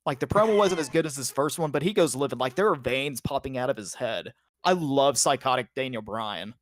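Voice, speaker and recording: A man's voice: mid-range voice, fairly quick, no echo, clean studio sound. A man co-hosting a podcast, giving a casual play-by-play recap full of "like" and "uh" and the odd swear word. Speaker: podcast co-host.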